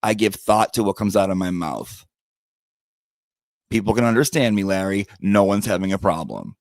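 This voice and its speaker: A man's voice: sits low, normal speed, dry recording. A man hosting a podcast, telling a story of a quarrel in a sassy, profane, dramatic way and acting out both sides. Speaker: podcast host.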